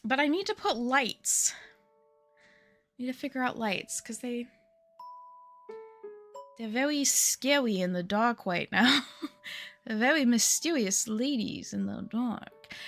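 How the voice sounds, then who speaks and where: A woman's voice: fairly high pitch, a bit bright. Woman, young adult, streamer, rambly giggly chat, faint music behind. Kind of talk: casual chat with live viewers.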